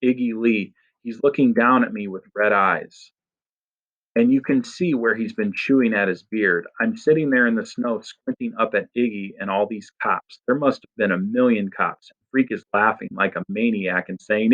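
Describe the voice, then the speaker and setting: A man reading a first-person story aloud in a steady, expressive narration. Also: lowish voice, normal speed, narrow, tinny audio. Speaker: audiobook narrator.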